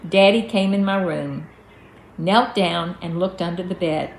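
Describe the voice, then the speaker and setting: A woman's voice: fairly low pitch, unhurried, a little hiss or hum. Woman reading her memoir. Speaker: storyteller, author. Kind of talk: reading a personal memoir aloud. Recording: echoey room, faint music.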